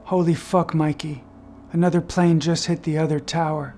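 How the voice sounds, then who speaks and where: A man's voice: mid-range voice, little pitch movement, normal speed, soft background music, close to an everyday voice. A man reading the lines of his shaken male friend on the phone, in barely altered tones. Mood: alarmed. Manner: quiet, then shouting in alarm.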